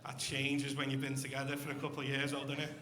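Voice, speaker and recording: A man's voice: mid-range voice, completely flat delivery, fast. A young man doing a crude, swearing stand-up routine with crowd work on a comedy club stage. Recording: echoey club room.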